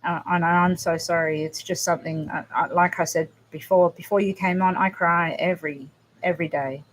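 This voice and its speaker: A woman with a lowish voice hosts a casual livestream chat, talking straight to her viewers. She speaks softly and haltingly, often restarting her sentences, and her talk stays close to emotion. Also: steady tone, slight background noise. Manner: emotional, halting, soft-spoken with frequent restarts. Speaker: livestream host.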